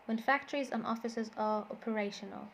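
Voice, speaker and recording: A woman's voice: fairly high pitch, brisk, slight background noise. A woman with an Egyptian accent teaching an English lesson, moving between English and Arabic and repeating words to drill their stress. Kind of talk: classroom lesson explanation.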